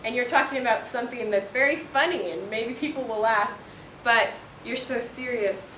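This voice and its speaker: Woman teacher going over a student group's work, kinda high voice, lots of ums and little laughs, echoey classroom w/ faint hum. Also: moderate pace, fairly bright tone. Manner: encouraging, frequent laughs and ums. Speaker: English teacher. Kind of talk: spoken feedback to a class. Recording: echoey room, faint room noise.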